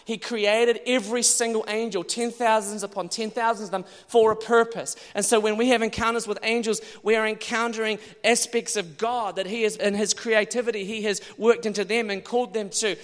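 A male preacher giving an animated sermon, now and then bursting into loud exclamations. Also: high-pitched, a little fast, few pauses. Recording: long hall reverb.

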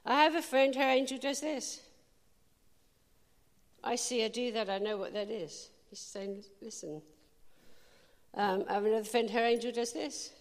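A woman preacher giving a sermon, telling lively stories and speaking directly to the congregation. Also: a little high, big-room sound. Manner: lively storytelling, quick asides to the audience. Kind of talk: sermon with anecdotes.

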